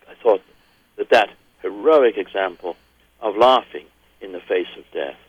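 A man's voice: on the low side, a little slow, long pauses, slightly rough, dry recording, highs cut off. Older man, earnest and reflective. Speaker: retired pediatric oncologist. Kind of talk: personal recollection and poetry reading.

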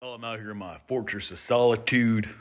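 Low-voiced man, from North Idaho, folksy drawl, comedic rant in his workshop shed. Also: fairly even intonation, brisk. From North Idaho, USA. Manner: folksy, drawling, chuckles between lines. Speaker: comedic monologuist.

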